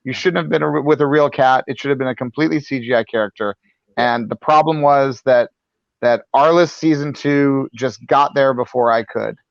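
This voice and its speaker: A man's voice: medium pitch, steady tone, moderate pace, vocal fry, no echo, dull audio, lightly acted. A man playing a retired filmmaker persona who hosts a comedy talk show, earnestly fumbling through apologies. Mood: apologetic. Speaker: host.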